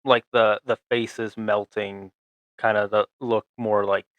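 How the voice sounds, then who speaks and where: A young man co-hosting a podcast, recapping a show in a halting, rambling way full of fillers and restarts. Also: lowish voice, level tone, dry recording, lo-fi sound. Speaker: podcast co-host.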